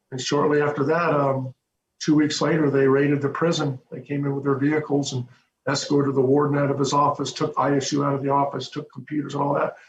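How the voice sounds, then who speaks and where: A man, a former prison corrections officer, telling his story in an interview with animated, hesitant restarts over a video call. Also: medium pitch. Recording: roomy, dull lo-fi with faint hum.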